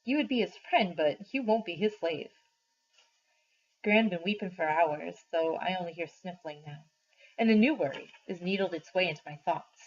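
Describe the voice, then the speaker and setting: A woman teacher reading a novel aloud to her class, slowly and expressively, on a dull lo-fi recording. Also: lowish voice. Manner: slow, deliberate expressive reading.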